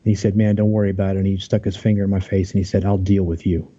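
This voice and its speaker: A man's voice: low voice, little pitch movement, rapid-fire, dark tone, muffled recording. A man as an interview guest, earnestly telling his story of a workplace conflict, aggrieved, with many restarts.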